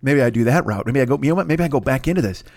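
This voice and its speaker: A middle-aged man hosting a podcast, telling stories in a crude, swearing, animated comedic rant. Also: medium pitch, racing, no echo, studio quality. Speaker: podcast host.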